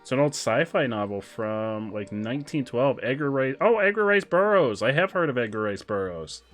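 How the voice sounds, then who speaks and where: Man, streamer, casual gameplay chat, excitable, quick asides, faint game music behind. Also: medium pitch.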